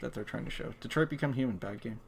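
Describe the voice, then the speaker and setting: A man's voice: mid-range voice, quick pace, creaky, noisy background. A man co-hosting a podcast, chatting casually and bluntly about video games and swearing freely. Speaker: podcast co-host.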